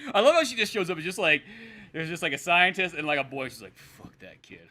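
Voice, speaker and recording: A man's voice: high voice, animated, fast talker, sharp tone. A young man co-hosting a casual podcast, rambling and laughing as he retells a comic, often slipping into silly character voices. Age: young adult. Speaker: podcast co-host.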